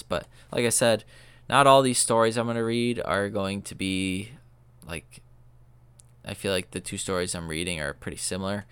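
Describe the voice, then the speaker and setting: A man's voice: deep voice, a bit bright, clear, resonant tone, no room sound. A young man hosting a podcast, telling a story in loose, profane chat full of fillers. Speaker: podcast host. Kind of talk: casual rambling storytelling.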